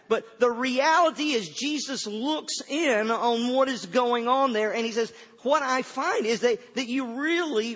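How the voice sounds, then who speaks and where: Older pastor preaching in a reverberant hall. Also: male voice, very high voice, sing-song, normal speed, hardly any pauses, a bit bright. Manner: repeats words when starting a thought, folksy storytelling. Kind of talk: sermon. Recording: dull sound with long hall reverb.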